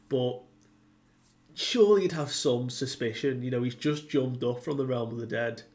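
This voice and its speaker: A man talks through a comic chapter at an unhurried, drawn-out pace, his pitch sitting in an ordinary middle range. His delivery is loose and rambling, and he fills it with "like" as he retells the characters' lines in his own words. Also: darkish tone. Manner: rambling, heavy use of "like", paraphrases characters. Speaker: manga reviewer. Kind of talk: casual chapter recap.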